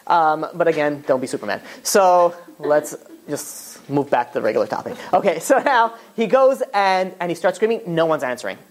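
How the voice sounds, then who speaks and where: A rabbi giving a Torah class, telling stories in an animated, casual way full of fillers. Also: male voice, fairly high pitch, normal speed. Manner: animated storytelling, casual filler-heavy talk. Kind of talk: Torah class lecture with storytelling.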